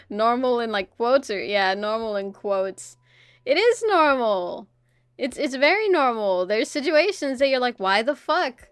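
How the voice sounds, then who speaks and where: A young woman speaks into a streaming mic in a dry, close sound, her voice sitting a little high. She chats casually with her audience and tells a personal story in an animated way. She swears freely and laughs between her phrases. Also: slow, clear, resonant tone, no echo.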